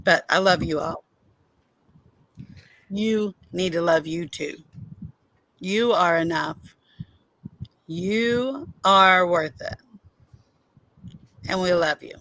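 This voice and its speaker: A woman with a Southern US accent talks slowly, in a bright, clear voice. Her manner is homey and plain-spoken as she co-hosts the stream. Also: on the low side, no room sound, low-quality recording. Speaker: co-host.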